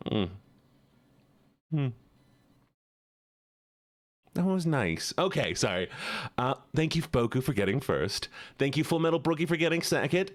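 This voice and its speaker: A man hosting a casual livestream chat, eager and talkative as he thanks and greets his viewers. His mid-pitched voice swings up and down a lot. He sounds excitable and friendly throughout. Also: moderate pace. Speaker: streamer.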